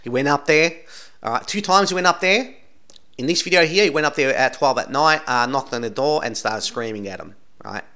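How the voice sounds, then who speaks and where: Brisk and pushed, with a bright mid-range voice, an Australian channel host talks through video clips in casual commentary. He's insistent and rambling, tacking "right?" onto nearly every sentence.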